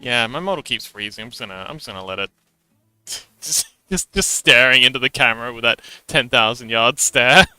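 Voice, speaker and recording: A man's voice: mid-range voice, a little fast, sharp tone, smooth, no room sound, soft background music. A man streaming live, chatting casually with viewers and reading chat aloud, with frequent stammered restarts and giggles.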